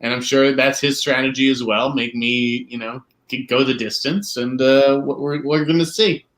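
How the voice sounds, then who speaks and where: A man from Boston talking as a guest in a casual chat, relaxed and a bit hesitant. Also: medium pitch, normal speed. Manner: laid-back, modest, a little hesitant.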